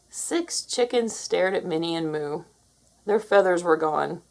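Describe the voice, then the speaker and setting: Woman, children's story narrator, slow, lively pitch, breathy. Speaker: storybook reader. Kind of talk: children's read-aloud narration.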